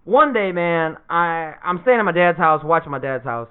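A man casually telling comedic family stories, animated, laughing often and swearing a lot. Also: fairly high pitch, normal speed, clean tone. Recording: tinny phone-like sound.

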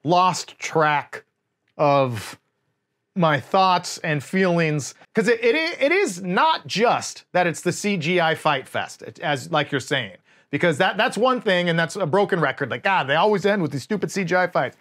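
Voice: mid-range voice, expressive, a little slow, fairly bright tone. A podcast co-host in casual film review chat, agreeing and adding sarcastic, profane jabs, sometimes losing the thread mid-thought.

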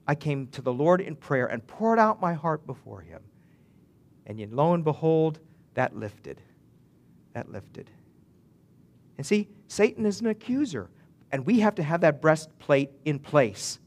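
A man's voice: fairly high pitch, very animated, a little slow, pauses often. A male pastor preaching a sermon in an earnest way, building to emphatic swells and often restarting his phrases.

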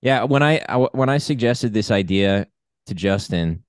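Upbeat lower-voiced male podcast host. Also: lively intonation, moderate pace, smooth, no room sound, studio quality. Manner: upbeat, explains definitions at length. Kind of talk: casual conversational podcast.

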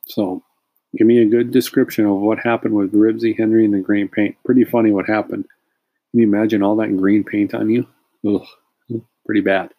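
A man's voice: on the low side, flat delivery, moderate pace, phone-quality sound. A man teaching third graders, giving casual, encouraging instructions about a worksheet. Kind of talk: classroom instruction.

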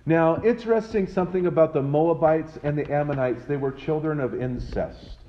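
A man's voice: fairly high pitch, moderate pace, slight background noise. Casual guy teaching bible stories, lots of ums and asides, kinda muffled recording. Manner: conversational, retells scripture with quoted voices and asides; frequent fillers and restarts.

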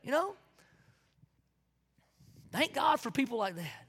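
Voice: sits high, big pitch swings, slow pace, pauses often, fairly bright tone, slightly rough, long reverb tail. A pastor with a Southern US accent preaching a sermon with folksy asides and sudden whoops of joy.

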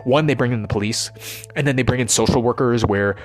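A man's voice: mid-range voice, fast, slight background noise. A man giving a rambling, profane, intense unscripted monologue as a vlogger.

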